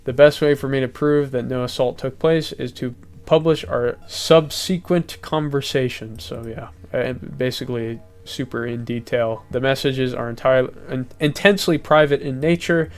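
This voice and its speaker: A man's voice: medium pitch, normal speed, smooth. A young man reading a document aloud and reacting to it in casual, heated commentary, swearing and raising his voice. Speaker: commentary youtuber.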